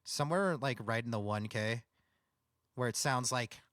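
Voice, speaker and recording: Male streamer, nasal, mid pitch, rambling and casual, very dry close studio mic. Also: normal speed, fairly bright tone, smooth, no echo. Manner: rambling, thinking aloud with restarts. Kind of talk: casual livestream talk about audio setup. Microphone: condenser studio microphone.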